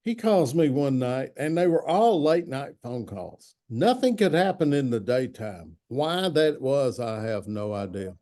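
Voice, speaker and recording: Guest: sixties male sportswriter, warm low-key timbre, yarn-spinner who voices the people he quotes. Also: big pitch swings, a little slow, few pauses. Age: 60s. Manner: anecdotal, acts out quotes in other voices. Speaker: longtime football writer, guest. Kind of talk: storytelling interview chat.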